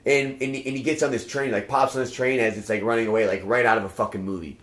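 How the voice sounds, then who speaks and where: A man's voice: mid-range voice, steady tone, quick pace, fairly bright tone. A man chatting casually as a podcast guest, telling a rambling story full of swearing and acted-out quotes. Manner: rambling, swears a lot, acts out quoted lines. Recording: roomy echo.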